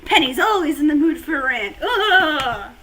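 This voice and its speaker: A woman's voice: high voice, animated, fast talker, a bit bright. A woman hosting a casual live-stream chat, playful and teasing with her co-host.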